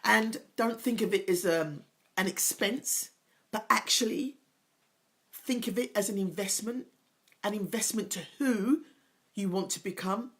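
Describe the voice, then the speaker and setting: A woman's voice: medium pitch, unhurried, fairly bright tone. Middle-aged woman, motivational host, earnest, emphatic, repeats key phrases, openly emotional. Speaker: host, confidence coach. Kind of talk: motivational talk to viewers.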